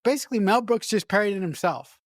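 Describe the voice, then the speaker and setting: Excitable woman podcast co-host. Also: medium pitch, quick pace, dry recording, studio quality. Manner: enthusiastic, emphatic, restarts phrases. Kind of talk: casual movie discussion.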